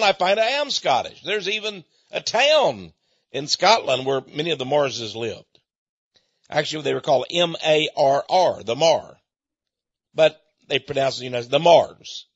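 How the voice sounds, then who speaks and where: A Texas radio host with a high, fairly bright, husky voice delivers a folksy conversational monologue, chuckling often as he tells his stories. The recording is dry, dull and lo-fi.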